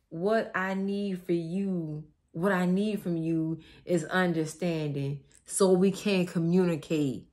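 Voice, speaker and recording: A woman giving a tarot reading who acts out the other person's side in a dramatic, slangy, animated way, with shrieks of excitement. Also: on the low side, a little slow, hardly any pauses. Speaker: tarot reader. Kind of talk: tarot reading acting out the querent's partner.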